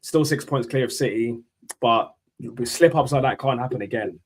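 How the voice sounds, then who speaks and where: A man's voice: medium pitch, normal speed. Young man, London accent, football streamer, rambling, repeats himself, swears casually. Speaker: football channel host. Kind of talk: casual livestream chat.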